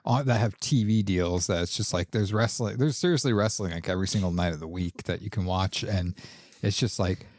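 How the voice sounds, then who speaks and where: Teasing, lower-voiced podcast man. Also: brisk, darkish tone, no room sound, clean studio sound. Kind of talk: casual chat.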